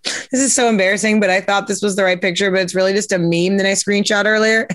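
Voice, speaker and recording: A chatty woman hosts a podcast, giggling often and filling pauses with plenty of ums. Her voice is recorded close and dry, with almost no room sound. Her pitch sits in an ordinary middle range. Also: steady tone, fairly bright tone, dry recording. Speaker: podcast host. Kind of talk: casual interview chat, reading captions aloud.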